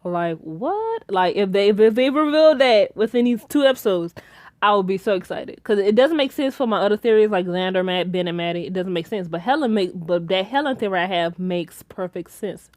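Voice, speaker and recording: Recorded with clean studio sound and no echo, this young woman recaps a show and spins theories about the episode. Her medium-pitched voice runs a little fast as she rambles, gets excited, restarts and uses many fillers.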